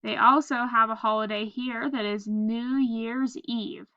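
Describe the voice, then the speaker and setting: A woman's voice: on the high side, fairly even intonation, unhurried, smooth, dry recording, dull audio. A woman teacher giving a phonics lesson, patiently spelling words letter by letter and prompting the class to read along. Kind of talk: phonics lesson, reading aloud slowly.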